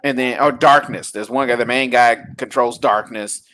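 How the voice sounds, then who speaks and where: A man's voice: mid-range voice, fairly even intonation, moderate pace, fairly bright tone. A man co-hosting a casual chat about films and shows, teasing and rambling through asides. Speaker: podcast co-host.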